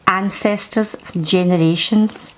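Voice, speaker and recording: A woman's voice: medium pitch, steady tone, slow pace, slight background noise, low-quality recording. A woman chatting through a card deck review at home, rambling and restarting her sentences. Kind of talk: casual show-and-tell review. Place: at home, indoors.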